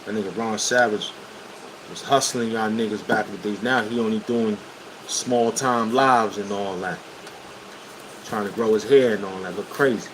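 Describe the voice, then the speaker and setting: A man from Brooklyn, speaking with a New York accent and blunt street slang, tells stories to his livestream viewers in a casual way. His voice is fairly low and steady at a normal speed. An air conditioner hums in the background.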